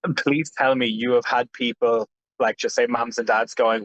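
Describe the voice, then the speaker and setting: A man's voice: medium pitch, fairly even intonation, normal speed, fairly bright tone, no echo, dull audio. A man interviewing an actress, chatty and effusive, with frequent exclamations. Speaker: entertainment interviewer. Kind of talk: press interview.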